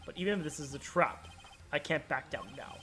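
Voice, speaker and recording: A man voicing a composed male prosecutor, reasoning through the case in a measured way while reading game dialogue aloud. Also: fairly high pitch, expressive, pushed and bright.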